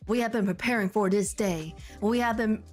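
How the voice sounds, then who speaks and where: A woman's voice: mid-range voice, normal speed, soft background music, close to an everyday voice. A woman reading the part of an old male headmaster turned self-righteous preacher, near her own voice. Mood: preachy.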